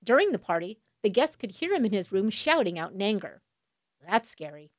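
Lively woman telling a crime story. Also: medium pitch, fairly quick, no room sound, clean studio sound. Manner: wry asides between dramatic retelling. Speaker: true crime podcast host. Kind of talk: scripted true crime narration.

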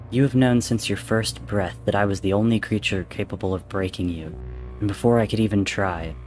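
A man voicing a vengeful ancient male god in a dramatic story reading, speaking low and hushed with taunting menace. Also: natural voice.

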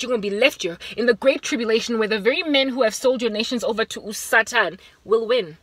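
Fervent South African woman preaching. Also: dry recording. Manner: fervent and emphatic, swinging from raised urgent warnings to low, hushed appeals. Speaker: Christian vlogger. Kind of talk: preaching vlog monologue. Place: inside a car.

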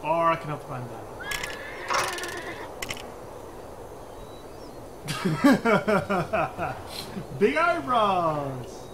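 A man in his thirties giving excitable, playful gameplay commentary and swearing freely. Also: on the high side, moderate pace, background noise. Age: 30s. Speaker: let's play host. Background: loud game music.

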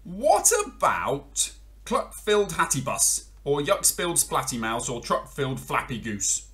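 A man voicing an eager, silly male dog in a storybook, in a high, squeaky voice. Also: big pitch swings, unhurried, pushed and bright, exaggerated voice.

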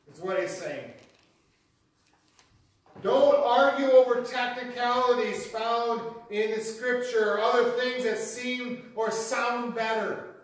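A pastor preaching a sermon in an earnest teaching manner, repeating key phrases for emphasis. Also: male voice, very high-pitched. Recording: very echoey hall, mic far off.

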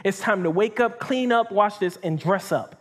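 A man's voice: high-pitched, moderate pace. A man preaching to a live audience as pastor, talking conversationally with many restarts and asides, reading scripture aloud and commenting between the verses. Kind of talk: sermon. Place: church hall with live audience.

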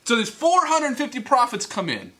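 Man, youth sermon, high voice, bright and forceful, animated storytelling. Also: moderate pace. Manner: animated, acts out characters, teasing. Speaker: youth speaker. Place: church hall.

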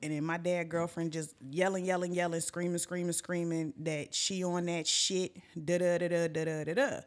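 A woman's voice: fairly low pitch, moderate pace. A young woman hosting a podcast, telling a funny story in a casual, profane way and acting out the other people's voices. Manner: animated and profane, acts out voices. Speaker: podcast host.

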